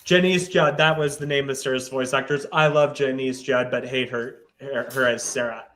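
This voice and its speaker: A man's voice: mid-range voice, fairly even intonation, moderate pace, a bit bright. A man chatting casually as a guest on a podcast, rambling and searching aloud for names. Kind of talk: casual chat.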